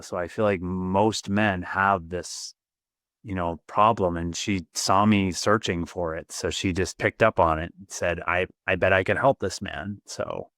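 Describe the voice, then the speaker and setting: A man with a fairly low voice speaks as a guest on a podcast, recounting a personal experience with earnest, excitable energy and frequent repeated words. The recording is close and dry, with no room echo. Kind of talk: personal storytelling in a podcast interview.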